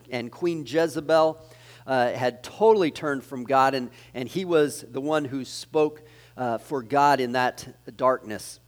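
A man preaching a sermon, fervent and emphatic, with frequent fillers and restarts. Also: medium pitch. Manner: fervent, with many fillers and restarts, big swings in loudness. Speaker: pastor.

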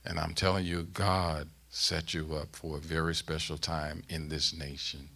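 A middle-aged man preaching a sermon, with emphatic rising bursts that ease into a soft closing prayer. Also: very deep voice, little pitch movement, normal speed, creaky. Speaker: guest preacher.

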